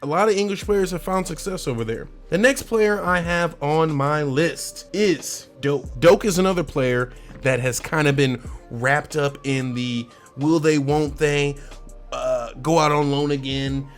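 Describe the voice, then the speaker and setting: Animated man talking football transfers. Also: on the high side, a little slow, faint music behind. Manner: animated, slangy, laughs often, addresses fans directly. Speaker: sports channel host. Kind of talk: casual football transfer commentary.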